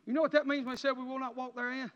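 Male preacher, high-pitched and impassioned, dull recording with long church reverb. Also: flat delivery, very fast. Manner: impassioned, rising to near-shouts then dropping low. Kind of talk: emotional sermon testimony. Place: church sanctuary.

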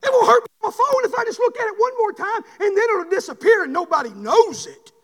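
A man's voice: very high voice, lively intonation, fast talker, a bit bright, pitched above the performer's own voice. A man voicing a tempted man who pleads for one more look, in a wheedling manner. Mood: pleading. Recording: long reverb in a hall.

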